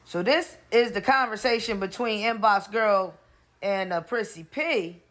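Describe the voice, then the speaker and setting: A woman's voice: medium pitch, unhurried, a bit bright. A woman hosting a gossip commentary, blunt and sassy, laughing often as she reads posts aloud. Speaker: gossip channel host.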